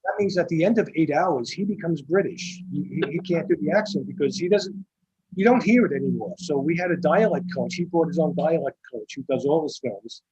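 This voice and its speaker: Husky Staten Island man telling stories. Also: fairly high pitch, brisk, muffled recording. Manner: rambling, repeats words and restarts, animated anecdotes. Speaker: film director and guest. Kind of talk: casual storytelling interview.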